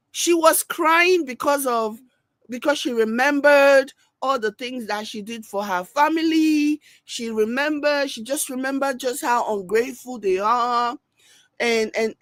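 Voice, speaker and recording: A woman giving animated reaction-video commentary. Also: high voice, no room sound. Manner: animated, mimics people she discusses.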